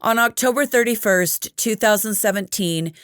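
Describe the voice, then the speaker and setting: A woman's voice: mid-range voice, normal speed, a bit bright, no echo, studio quality. A woman hosting a true crime show, telling the story straight to camera with candid personal asides.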